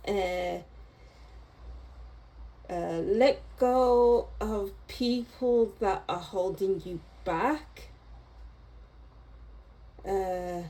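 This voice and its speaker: A woman speaks to her viewers in an unscripted tarot reading, unhurried and reflective. Her voice is mellow and warm rather than bright. She talks at a slow, easy pace and encourages them gently, often stopping to rephrase. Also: fairly high pitch, rough recording. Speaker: tarot reader.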